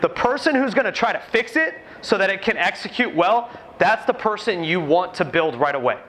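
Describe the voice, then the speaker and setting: A man running a basketball coaching clinic in a gym, giving brisk, commanding drill instructions to players and explaining the ideas to coaches. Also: sits high, animated, pushed and bright, a little hiss or hum. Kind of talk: on-court coaching demonstration. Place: indoor gym.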